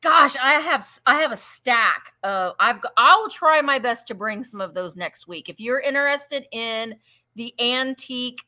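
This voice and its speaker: A woman's voice: fairly high pitch, animated, measured pace, pushed and bright. A woman co-hosting a live vintage sale, making casual, friendly asides from off camera. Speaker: co-host.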